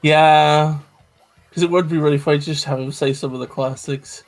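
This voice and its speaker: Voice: mid-range voice, fairly even intonation, normal speed, soft background music. A co-streamer chatting casually and swearing while playing a video game. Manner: chatty, swearing, laughing outbursts.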